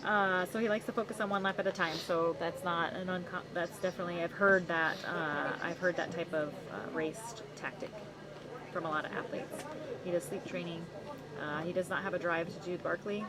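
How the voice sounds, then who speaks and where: A woman's voice: on the low side, steady tone, brisk, low-quality recording. Rambling woman commentating over crowd noise. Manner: rambling, with many fillers. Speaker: race commentator. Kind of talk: livestream commentary. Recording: loud crowd behind.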